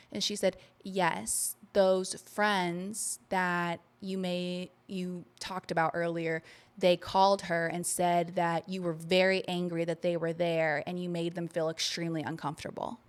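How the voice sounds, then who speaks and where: A woman's voice: fairly low pitch, level tone, a little slow. A woman co-hosting a podcast, telling a long personal story in casual chat and swearing freely. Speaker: podcast co-host.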